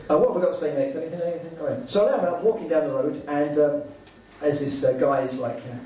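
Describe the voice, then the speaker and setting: A man delivers stand-up one-liners, stumbling through ums and uhs between jokes. His voice sits a little high. It is recorded from a distance in a very echoey club, with noticeable noise and audience laughter in the background. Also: mellow. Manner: halting, with many ums and uhs. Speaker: stand-up comedian. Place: comedy club stage. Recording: echoey club from far off, noisy.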